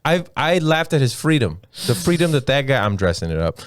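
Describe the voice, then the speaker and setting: A man's voice: mid-range voice, very animated, fairly quick, no room sound, studio quality. A man, a comedian and podcast host, telling rambling, profane stories in casual chat. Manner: profane, rambling storyteller, laughs at his own stories.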